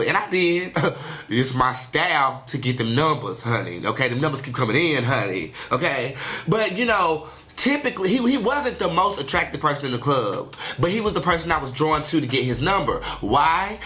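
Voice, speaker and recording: A young adult host giving a casual solo monologue on a radio show, animated and chatty, often tagging sentences with "okay?" and "honey". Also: mid-range voice.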